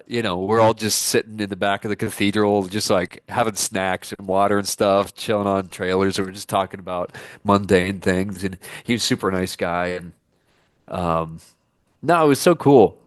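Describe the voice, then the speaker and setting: A man's voice: lowish voice, moderate pace, no echo. A man, an actor, telling behind-the-scenes stories in a casual podcast interview and acting out the dialogue as he goes. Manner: animated storyteller who acts out quoted dialogue. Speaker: actor guest.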